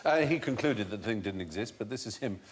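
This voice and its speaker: A man's voice: lowish voice, lively intonation, fast talker, a little hiss or hum. A man hosting a comedy quiz show, erudite and theatrical, laughing easily as he explains. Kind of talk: playful panel-show hosting.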